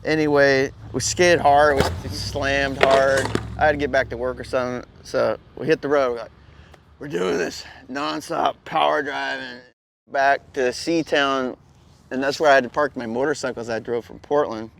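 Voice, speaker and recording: A man's voice: medium pitch, fairly even intonation, normal speed, gravelly, a bit bright, a little hiss or hum. A man telling a story in a laid-back, slangy way, cursing often and breaking into laughs. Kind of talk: casual spoken anecdote.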